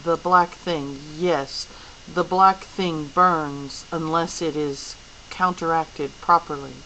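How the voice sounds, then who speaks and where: A gentle, solemn alien creature speaks in slow, measured words, as a woman reading a storybook aloud puts it on. The voice is low-pitched and unhurried, with a faint hiss underneath. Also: fairly even intonation, heavily acted, low-quality recording. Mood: calm, grave. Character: gentle, grave furry alien beast.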